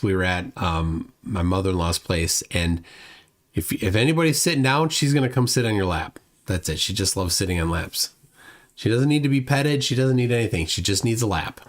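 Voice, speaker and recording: Middle-aged male streamer, casual chat reading comments, rambly, mid-pitched voice. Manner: rambling, reads chat aloud, restarts often. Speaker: livestream host.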